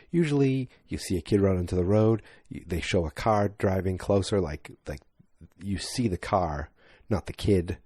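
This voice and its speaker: A man's voice: low-pitched, warm tone, slightly rough, dry recording. A man hosting a podcast, giving a casual, rambling movie review monologue that often corrects itself. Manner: rambling, self-correcting, chatty. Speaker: podcast host.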